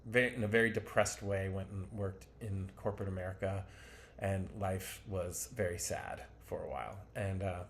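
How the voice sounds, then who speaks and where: A man with a fairly low voice tells his life story in a loose, conversational way, wandering between asides and self-deprecating remarks. A faint ambient hum sits behind him. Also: fairly even intonation, normal speed. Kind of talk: candid personal storytelling.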